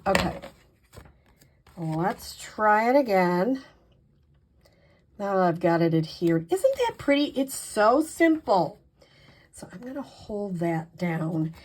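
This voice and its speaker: A woman hosting a card-making tutorial, chatty and encouraging, poking fun at her own mistakes as she works. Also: on the high side. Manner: chatty, self-deprecating, encouraging. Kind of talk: casual crafting demonstration.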